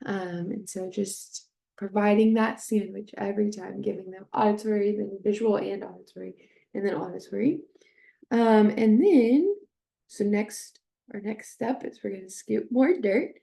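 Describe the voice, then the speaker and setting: A woman with a mellow, gravelly voice talks slowly through an instructional demonstration. She hesitates often with fillers, then models short phrases with drawn-out, heavily stressed words. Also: mid-range voice. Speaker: speech therapy instructor.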